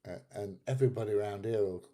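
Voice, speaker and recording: A man's voice: on the low side, fast talker, mellow. A man with a Northern English accent hosting a casual livestream, reading out comments in a blunt, chatty way and laughing often. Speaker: livestream host.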